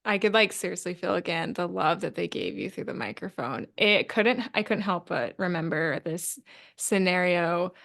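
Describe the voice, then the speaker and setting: Hosting a casual interview podcast, a woman poses questions and reflects in an earnest, filler-heavy way. She has a fairly low, expressive, gravelly voice with a fairly bright tone, speaking at normal speed.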